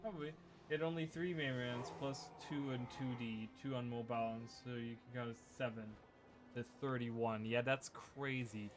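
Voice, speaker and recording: Playing a video game with music in the background, this male creator gives loose, chatty commentary and keeps restarting what he says. His mid-range voice holds a fairly even intonation at a moderate pace, picked up by a USB desk microphone.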